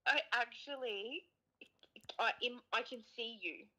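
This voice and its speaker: Bright-voiced mum, dry teasing. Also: female voice, a little high, measured pace, low-quality recording. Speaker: guest sister. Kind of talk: casual chat.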